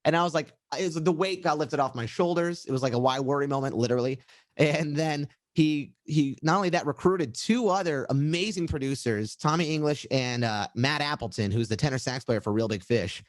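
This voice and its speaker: A musician talking casually about writing songs, rambling with lots of fillers and restarts. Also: male voice, on the high side, fairly quick, no room sound. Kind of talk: casual storytelling interview.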